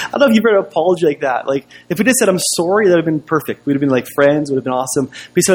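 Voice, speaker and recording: Husky conversational male pastor. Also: a little high, fast. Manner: conversational, storytelling with rhetorical questions. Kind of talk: sermon.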